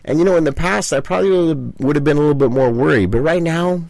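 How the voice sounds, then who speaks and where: A man's voice: on the high side, fast talker, gravelly, darkish tone, no echo. A middle-aged man, a pastor, preaching fervently and speaking straight to the listener, with many repeated phrases. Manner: fervent, repetitive, addresses listener directly. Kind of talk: preaching talk.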